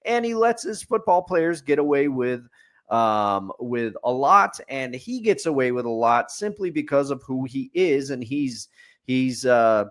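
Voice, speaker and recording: A man's voice: medium pitch, animated, unhurried, a bit bright. A man co-hosting a podcast, giving a casual, opinionated movie review and ticking off his points like a running list. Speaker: podcast co-host.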